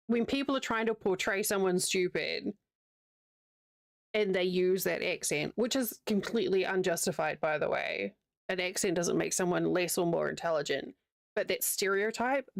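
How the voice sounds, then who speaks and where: A woman's voice: fairly low pitch, gravelly, dry recording, studio quality. A young woman with a New Zealand accent, chatting casually with her livestream audience while she crochets, rambling and answering chat as she goes. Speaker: streamer.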